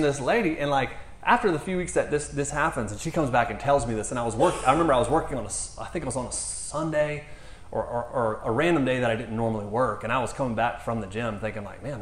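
A man ministering to a congregation, telling a testimony story in an animated way and acting out the quotes. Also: mid-range voice, roomy sound, a little hiss or hum. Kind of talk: storytelling sermon.

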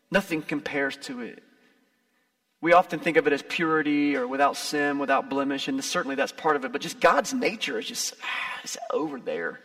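A man delivering a casual sermon in a high, bright voice with a gravelly edge. He talks like he's chatting with the room, leaning hard into emphasis and then dropping to soft asides. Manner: lively, conversational, swings between loud emphasis and soft asides. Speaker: preacher. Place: gym used as a church.

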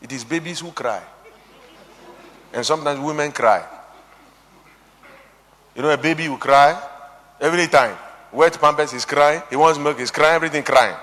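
A man preaching a sermon, quoting scripture, swinging between shouted emphasis and hushed, low passages. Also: moderate pace, pauses often. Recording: long hall reverb.

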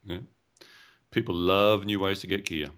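A man's voice: sits low, steady tone, a little slow, fairly bright tone. A man, co-hosting a casual gaming podcast, rambling and hesitant with many fillers. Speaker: podcast co-host.

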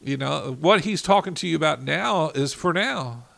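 A man's voice: on the high side, animated, normal speed, gravelly, a bit bright. A man ministering in an informal devotional talk, enthusiastic and fired up, often saying "you know.".

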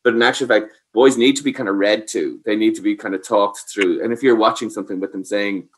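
A parenting expert with a lowish voice talks at a quick pace with few pauses while giving advice. He explains things patiently and checks the listener is with him by asking "does that make sense?"

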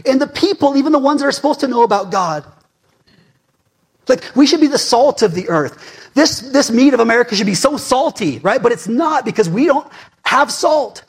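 A male pastor in his forties preaching a sermon in a fired-up, conversational way, swinging between loud emphasis and hushed asides. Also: very high-pitched, animated, normal speed, slightly rough.

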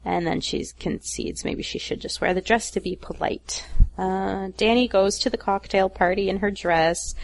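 A woman's voice: mid-range voice, fairly even intonation, moderate pace, vocal fry, few pauses, no room sound. A woman hosting a podcast, casually recapping an episode and laughing often. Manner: laughs often while talking. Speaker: podcast host.

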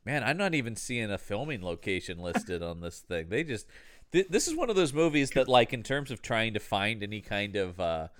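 Male podcast co-host, casual chat; blunt, cusses, exclaims; animated pitch. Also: moderate pace. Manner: blunt, swears freely, exclaims.

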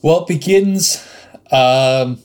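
A man co-hosting a podcast, musing aloud with frequent ums and uhs and quiet trailing asides. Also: slow pace. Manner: musing, hesitant, many ums and uhs, drops to low asides. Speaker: podcast co-host. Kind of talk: casual podcast chat.

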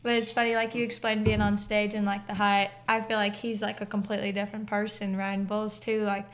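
A woman chatting as a guest about her partner, easygoing and quick to laugh. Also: medium pitch, flat delivery. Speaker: guest, bull rider's partner. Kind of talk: casual interview chat.

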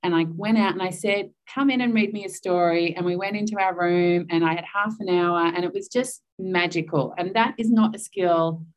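Mother sharing a story on a video call, lower voice. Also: normal speed, hardly any pauses. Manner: reflective, animated storytelling with quoted dialogue. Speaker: group member and mother.

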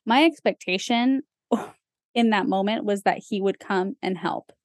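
A woman's voice: mid-range voice, unhurried, no room sound, studio quality. A young woman co-hosting a podcast, talking in a casual, chatty way with lots of fillers and small laughs. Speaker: podcast co-host. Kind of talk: casual chat.

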